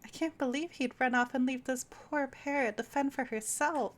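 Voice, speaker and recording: A woman voicing an eager, excitable teenage girl sidekick while reading a game aloud, with game music behind her. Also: sits high, moderate pace, slight background noise, pitched above the performer's own voice, close to an everyday voice. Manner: bright, excitable, pleading questions.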